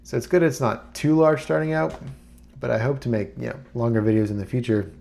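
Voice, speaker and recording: A man talking casually to camera as a YouTuber, rambling and relaxed with plenty of fillers. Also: mid-range voice, brisk, gravelly. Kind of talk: casual screen-recorded talk.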